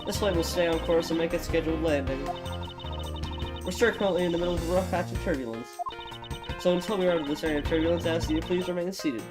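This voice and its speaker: A man's voice: a little high, fast talker, pitched above the performer's own voice, lightly acted. Guy doing prim flight attendant lady, formal and soothing, game music behind. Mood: calming. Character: polite female flight attendant, composed.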